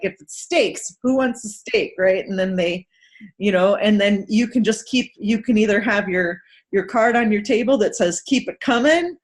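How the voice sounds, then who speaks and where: A woman hosting a casual recap chat, telling a story in an animated way and acting out the people in it. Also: mid-range voice. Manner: animated storytelling, acts out quoted people, laughs often.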